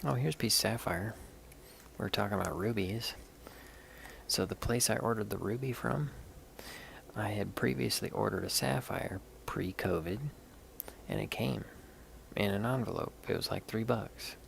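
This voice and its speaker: Man, deep gravelly voice, rambling casual live-stream talk, faint hiss behind. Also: normal speed, long pauses. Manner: rambling and candid, swears casually. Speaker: livestream host showing stones.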